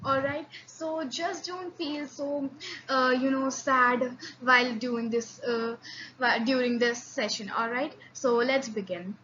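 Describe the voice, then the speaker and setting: Slow, bright-voiced woman teaching a language. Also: high voice, fairly even intonation, muffled recording, slight background noise. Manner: patient, encouraging, repeats sounds for students to copy; frequent restarts and fillers. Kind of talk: beginner language lesson.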